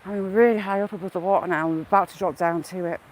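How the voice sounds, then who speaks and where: A woman's voice: on the low side, steady tone, rapid-fire, slight background noise, poor audio. A woman out of breath on an outdoor walk, chatting casually on a live stream and greeting viewers by name. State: a bit out of breath. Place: outdoors on a woodland walk by water.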